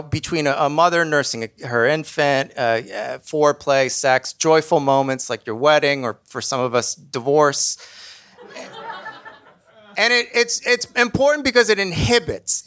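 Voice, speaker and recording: A man telling a funny personal story on stage in a lively, self-deprecating way. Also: on the high side.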